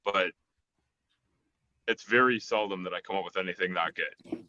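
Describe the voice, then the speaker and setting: Low-voiced man on a dull, dry mic. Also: bright, forceful tone, a little hiss or hum. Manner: halting, self-correcting. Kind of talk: casual stream chat.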